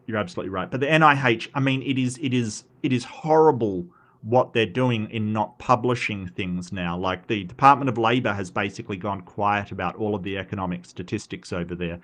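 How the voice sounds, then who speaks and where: Casual Australian male stream host, lower pitch, animated and rambling. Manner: animated, quick pitch jumps, frequent fillers and restarts. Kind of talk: casual chat reading posts.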